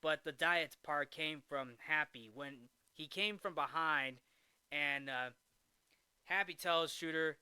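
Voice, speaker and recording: A man's voice: fairly high pitch, slow pace, bright, forceful tone, clean tone, no room sound. A man hosting a casual film recap, rambling with frequent restarts and fillers.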